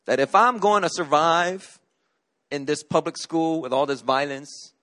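A man's voice: on the high side, a little slow, fairly bright tone. A middle-aged man from Korea, a pastor preaching a sermon, telling a personal story in an earnest way with frequent restarts.

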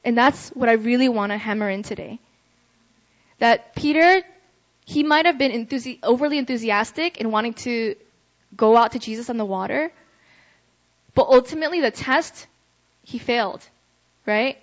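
A young adult woman preaching a casual sermon, chatty and conversational, often checking in with her listeners with a quick "right?". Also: on the high side. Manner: chatty, ends phrases with "right?". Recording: dull lo-fi recording.

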